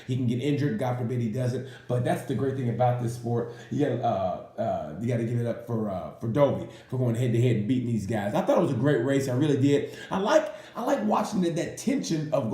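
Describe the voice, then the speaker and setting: Rambling comedic man, mellow voice. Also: medium pitch, roomy sound. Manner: rambling, animated, acts out quotes in silly voices. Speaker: racing commentator. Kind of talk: casual comedic race review.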